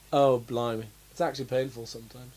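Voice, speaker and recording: A man's voice: medium pitch, a little mellow, slightly rough. A young man co-hosting a casual chat about films, rambling with lots of fillers and restarts. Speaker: podcast co-host.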